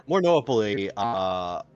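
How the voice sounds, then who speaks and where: A man's voice: lowish voice, very animated, slow pace, clean tone, no echo, lo-fi sound. A man narrating as game master of a tabletop game, rambling with many fillers and restarts.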